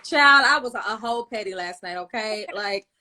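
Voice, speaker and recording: Bright, playful woman host. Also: medium pitch, fairly quick. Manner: playful, reads viewer comments aloud. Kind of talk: casual chat on a virtual show.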